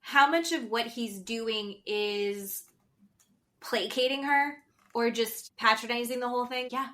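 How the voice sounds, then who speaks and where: A woman co-hosting a podcast, chatting casually and acting out quotes in an animated way. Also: on the high side, a little slow. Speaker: podcast co-host. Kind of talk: casual chat about a reality show.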